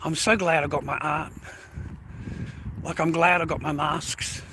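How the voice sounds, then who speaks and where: Australian man, vlog rant, heavy swearing, repeats himself, high voice, tense bright tone. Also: fairly even intonation, a little slow, slight background noise, poor audio. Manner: profane, repetitive, addresses viewers as mates and boys. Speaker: vlogger. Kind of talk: ranting casual monologue.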